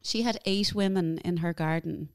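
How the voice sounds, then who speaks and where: A woman's voice: fairly low pitch, normal speed, clear, resonant tone. A woman guest telling a story in casual interview chat, chatty and emotional, full of "like" fillers. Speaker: guest, cookbook author.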